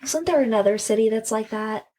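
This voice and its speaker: A woman co-hosting a podcast, talking in a relaxed, informal way with lots of "like". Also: on the high side, a little fast. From Northern Kentucky. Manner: relaxed, informal, uses "like" a lot, laughs along. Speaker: podcast co-host. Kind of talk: casual chat.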